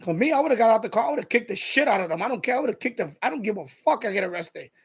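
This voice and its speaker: Live stream host, New man, husky, profane and combative, casual rant. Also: sits high, lively intonation, quick pace. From New York. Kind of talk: casual ranting monologue.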